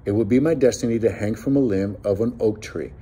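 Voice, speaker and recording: A man's voice: fairly low pitch, brisk, dark tone, slightly rough. A man reading an audiobook who voices a proud, graceful bandit leader with a grand, stagey delivery. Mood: soft, calm. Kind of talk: audiobook character voice.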